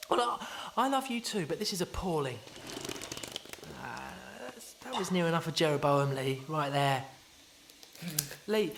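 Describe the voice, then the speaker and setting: A man's voice: high voice, bright, forceful tone, a little hiss or hum, heavily acted. An actor playing an awkward, rambling young Englishman at a wedding, talking in hesitant stammers and nervous laughs. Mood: urging. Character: awkward rambling man at a wedding, fumbling and overeager. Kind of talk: radio comedy monologue.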